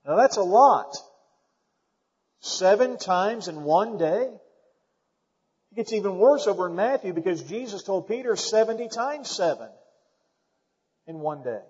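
A man preaching a sermon as pastor, emphatic and building to loud points, calling out to the congregation. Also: high-pitched, lively intonation, a little slow, long pauses, husky. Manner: calls out to the congregation. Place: church sanctuary. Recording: dull lo-fi sound with long hall reverb.

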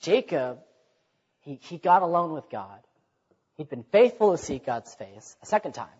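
Guy preaching a sermon, kinda husky, higher voice, dull echoey hall sound. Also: very animated, normal speed, a little mellow. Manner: conversational, repeats words, acts out quotes. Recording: dull recording in a reverberant hall.

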